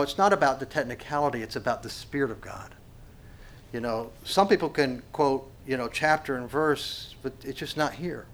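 A pastor preaching a sermon, mixing conversational asides and repeated words with emphatic, rising stresses on key phrases. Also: male voice, medium pitch, a bit bright.

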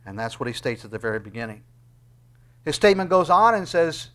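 A man's voice: on the high side, sing-song, fairly quick, fairly bright tone. A man preaching a sermon in a conversational way, with many fillers, who grows emphatic when he reads scripture aloud. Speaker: pastor.

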